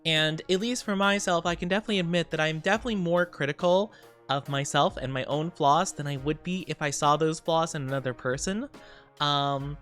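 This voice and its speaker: A woman's voice: deep voice, a little fast, a bit bright, faint music behind. A young woman streaming casually, chatting with viewers in a bubbly, giggly way with cutesy slang. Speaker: VTuber streamer. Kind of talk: casual live-stream chat, greeting viewers.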